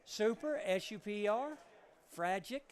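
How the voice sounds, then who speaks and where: High-voiced joking man. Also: animated, unhurried. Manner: chatty, joking storyteller. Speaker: pool commentator. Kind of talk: casual booth commentary. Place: commentary booth at a pool hall.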